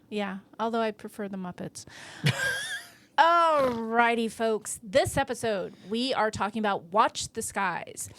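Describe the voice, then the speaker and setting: A woman co-hosting a movie podcast in casual chat, recapping the plot loosely with restarts. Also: fairly high pitch. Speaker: podcast co-host.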